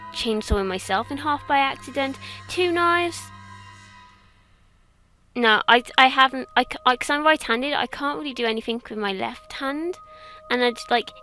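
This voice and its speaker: A woman's voice: fairly high pitch, bright, forceful tone. A young English woman from England chatting casually as she takes online quizzes, rambling and poking fun at herself. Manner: chatty, rambling, self-mocking. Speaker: YouTuber. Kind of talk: casual quiz commentary.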